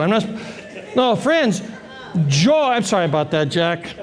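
A man preaching a sermon, animated and joking, acting out the voices of the people in the story. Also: sits high, a little slow, a crowd in the background. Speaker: pastor.

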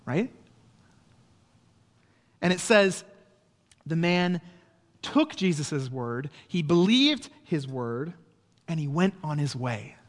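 A man's voice: fairly high pitch, big pitch swings, slow pace, pauses often, long reverb tail. A man preaching a sermon in a conversational way, often checking in with his listeners. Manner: conversational preaching with frequent "right?" asides. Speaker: pastor.

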